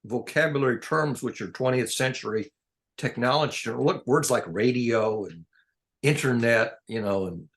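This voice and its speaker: An older man chatting casually, wandering from one tangent to the next and chuckling as he goes. His voice sits at an ordinary middle pitch. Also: creaky, a bit bright. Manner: rambling, digressive, chuckles often. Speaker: conversation partner. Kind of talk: casual chat.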